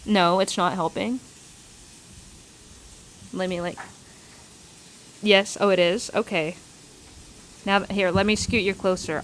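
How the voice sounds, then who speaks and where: A woman chats on a casual livestream from outdoors on a windy day, speaking close into a phone microphone. She answers viewer questions in a loose, rambling way, swears freely and restarts her sentences often. Her pitch sits in the middle for a woman. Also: steady tone, takes it slowly, pauses often.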